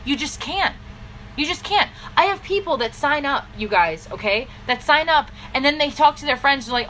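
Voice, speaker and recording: Woman coach with a crisp, higher voice, blunt and scolding, motivational talk to camera. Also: animated, moderate pace, bright, forceful tone, a little hiss or hum, poor audio. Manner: blunt, scolding pep talk with sudden pitch swings. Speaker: business coach. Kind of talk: direct-to-camera motivational vlog.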